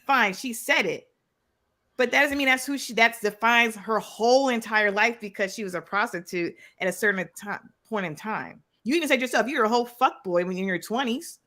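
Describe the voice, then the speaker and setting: A woman joins a heated debate over a remote call and insists on finishing her point. Her voice is bright and tense, pitched a little high. She speaks firmly. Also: brisk. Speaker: panel guest. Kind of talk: heated live-stream debate.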